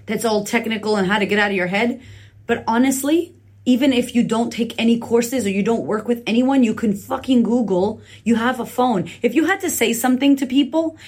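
A woman's voice: a little high, darkish tone, husky. Woman, podcast host, blunt motivational talk, lots of swearing, phone recording. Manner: blunt, profane, urgent pep talk. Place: indoors. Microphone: phone camera leaning on a laptop.

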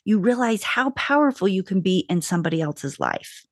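A woman's voice: medium pitch, lively intonation, fairly quick, no room sound, studio quality. A woman co-hosting a podcast, telling stories in an enthusiastic, emphatic way. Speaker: podcast co-host. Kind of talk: casual chat.

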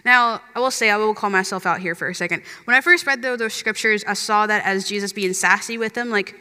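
A woman's voice: fairly high pitch, moderate pace, sharp tone, smooth. A young woman giving a chatty, earnest sermon as a youth minister, full of "like" and "you know". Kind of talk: conversational sermon. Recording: long hall reverb.

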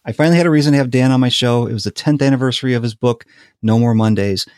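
A man with a mid-range voice, chatting in a casual podcast conversation. He tells his stories with animated energy and laughs easily along the way. The sound is dry and close. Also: medium pitch, rapid-fire, smooth, dry recording. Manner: animated storyteller, laughs often. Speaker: podcast host. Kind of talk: casual chat.

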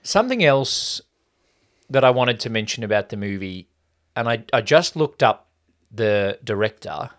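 A man co-hosting a relaxed film podcast, walking through scenes in a mid-pitched, even-tempered voice. He picks at details and mocks odd line readings with exaggerated stress. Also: measured pace. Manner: mimics lines with exaggerated emphasis. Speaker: podcast co-host. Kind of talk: casual movie review chat.

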